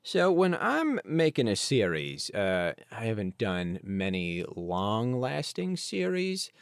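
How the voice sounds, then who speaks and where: Guy rambling on his podcast, kinda low voice, smooth, dry close mic. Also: huge pitch swings, slow, no room sound. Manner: rambling, wandering asides. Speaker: podcast host. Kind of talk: casual solo podcast talk.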